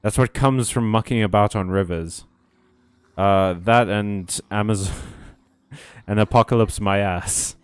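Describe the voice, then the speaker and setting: A gaming streamer with a fairly low, smooth voice plays a video game and reads out chat at a measured pace. It's casual let's-play commentary full of sarcastic asides and lots of swearing, recorded with no echo.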